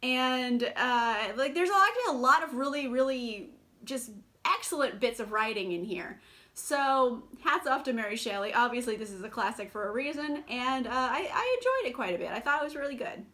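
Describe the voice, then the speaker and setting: A young woman talks through her reading in a casual book vlog, chatty and sarcastic. Her voice sits high and sounds bright and lively. She fills her sentences with fillers and breaks into quick laughs. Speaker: book vlogger.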